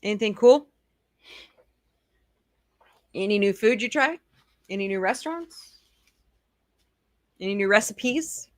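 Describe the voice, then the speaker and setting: A woman's voice: mid-range voice, animated, slow pace, pauses often, no room sound, studio quality. A middle-aged woman hosting a casual live stream, chatting and answering viewer comments. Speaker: host.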